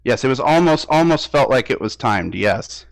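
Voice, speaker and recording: A man recounting a dream in an interview, halting and hesitant with many restarts, close to tears at times. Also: medium pitch, expressive, vocal fry, no room sound. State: near tears, emotional. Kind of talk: emotional interview recollection.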